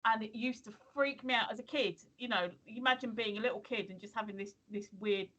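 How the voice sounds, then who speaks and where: An English woman in her 50s co-hosts a casual livestream chat from home, telling rambling stories packed with ums and restarts. Her voice is on the high side, quick and fairly bright, and the recording quality is low.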